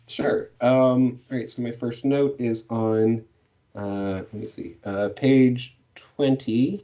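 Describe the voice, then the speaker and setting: A man's voice: mid-range voice, steady tone, slow pace, dark tone, distant mic, lo-fi sound. A man chatting casually about a novel with his co-host. He hesitates with ums and laughs easily, and he sits a little back from the microphone. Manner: laughs often, hesitant with fillers. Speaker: podcast co-host. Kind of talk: casual book discussion.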